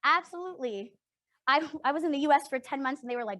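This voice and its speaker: امرأة شابة من كندا تقدّم ورشة عمل تفاعلية بصوت مرتفع قليلًا، تتحدث بجدية وحماس وتسأل كثيرًا "صح؟"، والتسجيل جاف بلا صدى تقريبًا. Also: female voice, high-pitched, animated, fast talker, bright, forceful tone, no echo. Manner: earnest, emphatic, often checks in with "right?". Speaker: workshop facilitator. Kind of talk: interactive workshop talk.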